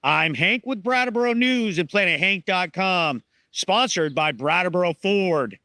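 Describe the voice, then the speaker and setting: A man hosting a news show, reading scripted news narration in a plain, measured way. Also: sits high, expressive, bright, forceful tone, no echo.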